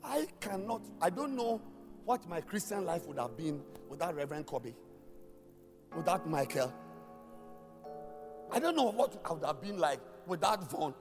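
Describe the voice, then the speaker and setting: A man preaching a sermon as a pastor. He talks emphatically in a sing-song cadence and swings from shouts down to near-murmurs. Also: a little high, sing-song, normal speed, pauses often. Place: church hall. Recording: long hall reverb with faint music.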